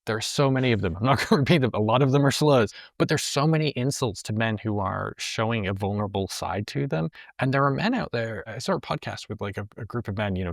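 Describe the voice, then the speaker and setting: A man's voice: lowish voice, vocal fry, no echo, studio quality. A man appearing as an educator guest on a podcast, talking in earnest, emphatic bursts. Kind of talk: casual conversational podcast.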